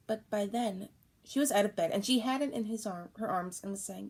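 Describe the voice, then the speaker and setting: A woman's voice: medium pitch, a little fast. Woman reading a storybook aloud. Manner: calm, shifts into character voices. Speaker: audiobook reader.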